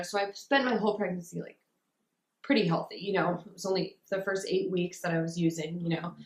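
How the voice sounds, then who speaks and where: A young woman telling her personal recovery story in an interview, talking casually and rambling with many fillers. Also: lowish voice. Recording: roomy echo.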